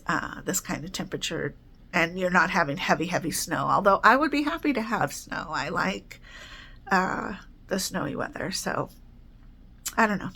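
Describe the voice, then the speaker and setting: A woman's voice: fairly low pitch, very animated, normal speed, creaky, husky. A woman vlogging in casual chat from her apartment, rambling with lots of fillers and little laughs, slightly congested and talking around a cough drop. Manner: rambling, chatty, with many fillers and soft laughs.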